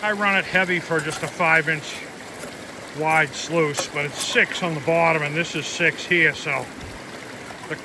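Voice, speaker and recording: A man's voice: fairly high pitch, steady tone. A man chatting casually on camera while gold prospecting outdoors by a river, easygoing and talkative. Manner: chatty, easygoing, talks while eating and working. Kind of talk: casual outdoor vlog narration. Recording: loud river noise outdoors. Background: rushing river water.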